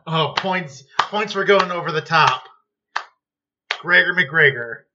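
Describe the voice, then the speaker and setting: A man co-hosting a podcast, reacting with jokes and quick asides in casual chat. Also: fairly high pitch, noisy background. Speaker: podcast co-host. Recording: dull lo-fi sound.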